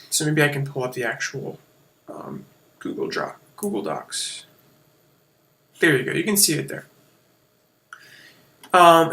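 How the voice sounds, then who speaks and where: A man with a bright, slightly high voice walks through a lesson over a shared screen. He talks casually and explains step by step, with fillers and quick self-corrections. The sound comes from a computer mic. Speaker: teacher.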